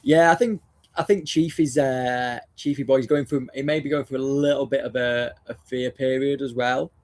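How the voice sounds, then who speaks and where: A man's voice: mid-range voice, steady tone, normal speed, a little mellow. A man, a dog trainer hosting a casual live discussion, talking bluntly, swearing often and restarting his phrases.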